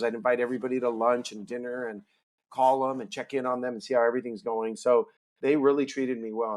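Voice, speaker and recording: A middle-aged man tells a long personal story as a podcast guest. He is animated and acts out the dialogue from his story. His voice sits at a middle pitch for a man. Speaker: podcast guest, business owner. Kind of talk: storytelling in a casual interview.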